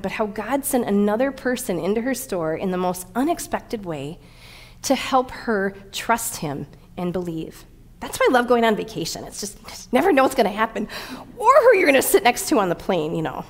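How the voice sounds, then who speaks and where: A woman's voice: fairly high pitch, moderate pace. Middle-aged woman pastor telling a story. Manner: animated storytelling, emotional. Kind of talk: sermon with personal story.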